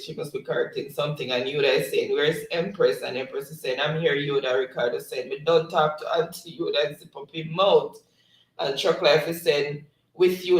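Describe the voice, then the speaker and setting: A gravelly, fairly high-voiced man reads viewer comments aloud on a livestream. He laughs often as he goes. He sounds set back from the mic in an echoey room. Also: distant mic. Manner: laughs often while reading. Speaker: livestream host. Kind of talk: casual chat reading out live comments.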